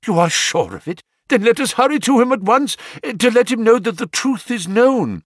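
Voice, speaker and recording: A man voicing a distraught, excitable middle-aged banker who breaks into high-strung outbursts, read as an audiobook. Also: slow, vocal fry, breathy edge, no room sound, studio quality, full character voice. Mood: frantic. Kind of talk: audiobook character reading.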